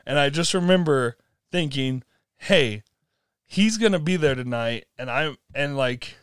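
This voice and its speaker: A man's voice: mid-range voice, measured pace, clear, resonant tone, dry recording, studio quality. A young man casually telling a long story, laughing often and acting out the people in it. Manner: animated storytelling with laughs and acted-out quotes. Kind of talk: casual chat.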